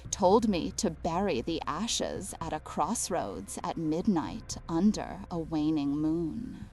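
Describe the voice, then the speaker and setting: A woman giving a scripted horror story narration, slow, hushed and deliberate. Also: low-pitched, big pitch swings. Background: faint music.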